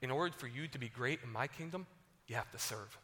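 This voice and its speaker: A man voicing Jesus as a patient, gently chiding teacher, speaking low and hushed. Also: quick pace, natural voice. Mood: patiently chiding. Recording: long hall reverb.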